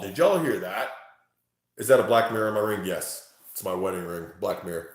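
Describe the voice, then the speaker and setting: A man reading tarot live for his chat from home, talking excitably, swearing freely and exclaiming. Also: low-pitched, brisk, a little hiss or hum. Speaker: tarot reader livestreaming to chat. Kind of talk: casual live-stream chat. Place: at home, indoors. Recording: very echoey room.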